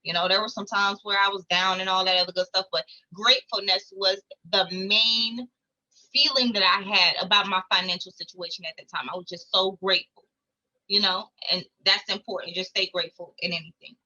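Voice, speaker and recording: A woman vlogger telling a personal story to her viewers in an animated, chatty way. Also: medium pitch, a little fast, dull audio. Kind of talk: casual storytelling to camera.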